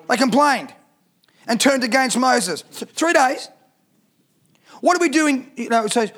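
A man preaching a sermon as pastor, reading scripture aloud and asking the congregation rhetorical questions. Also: high voice.

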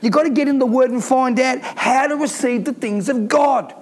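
A man's voice: very high-pitched, normal speed. A man preaching a sermon to his congregation, emphatic and calling for responses. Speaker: pastor.

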